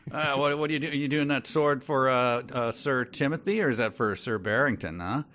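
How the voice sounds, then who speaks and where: A man's voice: mid-range voice, brisk, a bit bright, voice pushed up, lightly acted. A man voicing a chummy, gossiping male gorilla who greets the whole town, in a raised, friendly put-on voice.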